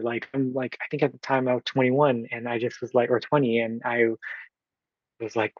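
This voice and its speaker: A man's voice: medium pitch, level tone, moderate pace, no echo, lo-fi sound. A man in his twenties from Oakland, California, telling his own story as a podcast guest in an earnest way, acting out what people said to him and using plenty of fillers. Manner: earnest, retells with quoted dialogue, frequent fillers. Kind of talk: storytelling in conversation.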